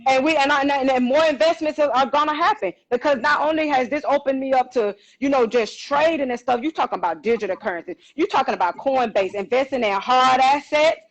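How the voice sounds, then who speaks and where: High-pitched woman, middle-aged, casual storytelling, animated, acts out quotes. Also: brisk, hardly any pauses, rough recording. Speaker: podcast co-host.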